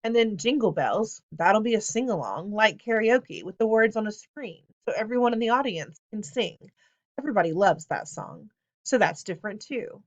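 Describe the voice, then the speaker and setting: A woman's voice: mid-range voice, animated, moderate pace, dull audio. A woman voicing an earnest young boy who leads a school chorus and turns stern and commanding. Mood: eager. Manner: pleading then commanding. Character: bossy young boy choir leader, earnest.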